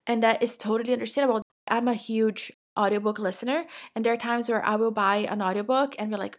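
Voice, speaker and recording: On her casual solo podcast, a middle-aged woman from Brazil talks straight to the listener in a direct, encouraging way. She has a Brazilian Portuguese accent, a medium pitch, and fairly even intonation at a moderate pace.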